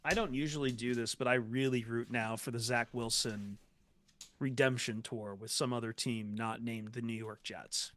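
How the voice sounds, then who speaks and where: A man's voice: mid-range voice, steady tone, moderate pace, a bit bright, dry recording. A man co-hosting a sports podcast, chatting casually and giving opinionated takes. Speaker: podcast co-host.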